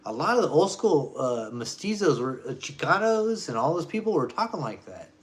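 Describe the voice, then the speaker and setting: A man ranting in a rambling, low-key, muttering monologue. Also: big pitch swings, normal speed. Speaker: vlogger.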